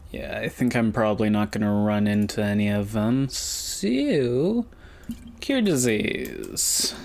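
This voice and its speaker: A man's voice: lowish voice, animated, slow pace, creaky, a little mellow. A man giving casual, rambling commentary while streaming a game, thinking aloud and humming to himself.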